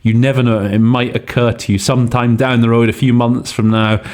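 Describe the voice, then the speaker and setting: A man's voice: mid-range voice, level tone, brisk, a little mellow. A man hosting a podcast on interpreting, explaining word choices casually and thinking aloud with frequent hesitations. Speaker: host and interpreting teacher. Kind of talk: casual teaching podcast commentary.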